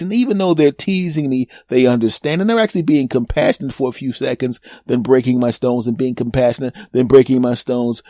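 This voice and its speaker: Podcast host, man, fifties, warm mellow tone, dry close sound, rambling self-mocking storyteller. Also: mid-range voice, a little fast, few pauses, dry recording. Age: 50s. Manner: animated, rambling, self-mocking, repeats words for emphasis. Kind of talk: comedic storytelling monologue.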